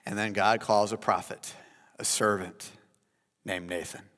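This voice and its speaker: A man preaching a sermon as pastor, animated and addressing listeners as guys. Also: on the low side, a little slow, long pauses. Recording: long hall reverb.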